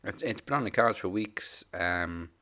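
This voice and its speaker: A man's voice: fairly low pitch, expressive, unhurried, pushed and bright. A man co-hosting a casual wrestling podcast, chatty and opinionated, often restarting his words. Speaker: podcast co-host. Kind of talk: casual chat.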